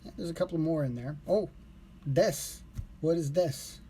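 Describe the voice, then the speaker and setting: Relaxed man reviewing vocab on stream. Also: on the high side, measured pace, slight background noise. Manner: relaxed, rambling, corrects himself aloud. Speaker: live streamer learning Japanese.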